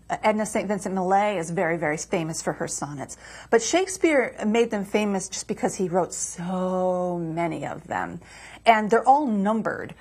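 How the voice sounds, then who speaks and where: Husky-voiced woman explaining poetry. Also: mid-range voice. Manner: patient, explanatory, chants rhythms aloud. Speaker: poet and guest author. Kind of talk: reading a poem and explaining verse form. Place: community TV studio.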